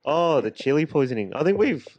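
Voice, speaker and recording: A man's voice: a little high, big pitch swings, a little fast, no room sound, lo-fi sound. A man co-hosting a podcast, telling anecdotes in a loose, laughing, chatty way in a makeshift home studio. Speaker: podcast co-host. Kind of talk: casual storytelling chat.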